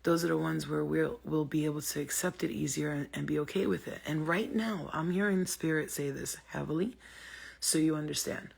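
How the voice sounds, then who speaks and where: Profane, animated woman with a gravelly voice. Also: low voice, brisk. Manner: blunt, profane and animated, greeting viewers mid-talk. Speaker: spiritual livestream host. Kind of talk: casual livestream talk to viewers.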